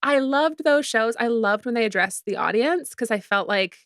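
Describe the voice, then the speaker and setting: A woman's voice: on the high side, lively intonation, normal speed, fairly bright tone, clear, resonant tone, no room sound, clean studio sound. Chatty woman filmmaker, plenty of "like"s. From Canada. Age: 30s. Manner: chatty, many fillers like "like" and "um". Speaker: guest, film producer and director. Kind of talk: casual interview chat.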